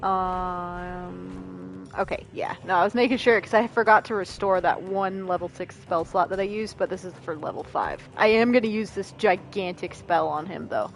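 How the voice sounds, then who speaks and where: A woman's voice: lowish voice, moderate pace, gravelly. Chatty woman streaming a game. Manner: chatty, laughs often, reads lines aloud. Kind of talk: casual gameplay commentary.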